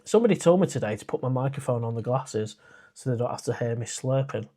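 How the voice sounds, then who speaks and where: A man's voice: mid-range voice, animated, quick pace, mellow. A man hosting a casual live stream. He reads out viewer comments and chats back in a rambling way, with plenty of "uh" and restarts. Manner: chatty and rambling, with frequent "uh" and restarts.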